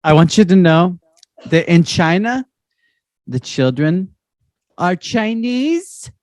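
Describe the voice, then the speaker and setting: A woman co-hosting a comedy podcast with a dry, deadpan manner. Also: on the low side, takes it slowly, no echo. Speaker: podcast co-host.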